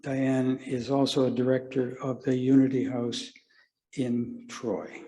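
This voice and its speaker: Slow-spoken man introducing a guest speaker. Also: medium pitch, level tone, dark tone, big-room sound. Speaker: service associate. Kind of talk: formal introduction at a worship service. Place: congregation sanctuary.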